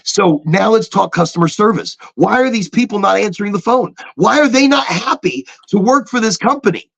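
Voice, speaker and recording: A man's voice: high-pitched, normal speed, gravelly, a bit bright. A man co-hosting a casual podcast, talking emphatically with repeated phrases and mimicking automated phone voices. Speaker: podcast co-host.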